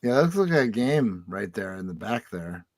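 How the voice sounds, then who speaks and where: A man's voice: on the low side, big pitch swings, normal speed, a little mellow, no echo. Man hosting with a dry, close sound. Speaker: podcast host. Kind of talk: casual chat.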